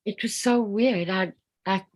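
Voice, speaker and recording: A woman in a casual chat, speaking softly and agreeing with short replies. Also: medium pitch, a little slow.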